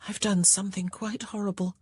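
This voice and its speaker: A woman's voice: mid-range voice, little pitch movement, a little fast, a little mellow, dry recording, studio quality, pitched above the performer's own voice. Woman voicing a tearful, whimpering young lady. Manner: whimpering, breathy and pleading. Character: young gentlewoman, tearful and anxious.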